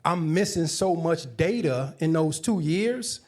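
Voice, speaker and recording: A man's voice: fairly high pitch, expressive, a little slow, a little mellow. A middle-aged man on a live panel, speaking in a reflective, conversational way. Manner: reflective, conversational, with false starts.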